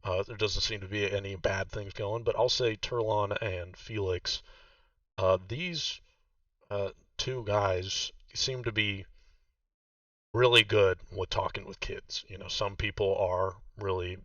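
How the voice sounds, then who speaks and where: A man's voice: fairly low pitch, a little slow, no echo, distant mic, lo-fi sound. A man narrating a tabletop game as game master, hesitant and full of fillers. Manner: hesitant, many fillers, relaxed.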